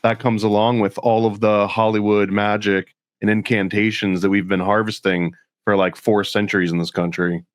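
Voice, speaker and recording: Wry deadpan podcast co-host. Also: male voice, fairly low pitch, moderate pace, few pauses, no room sound, clean studio sound. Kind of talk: casual chat.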